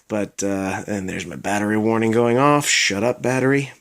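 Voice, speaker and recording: A man's voice: lowish voice, normal speed, vocal fry, fairly bright tone. A young man from Maryland with a Baltimore accent, chatting casually in a vlog, rambling with lots of fillers and self-mocking asides. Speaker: vlogger.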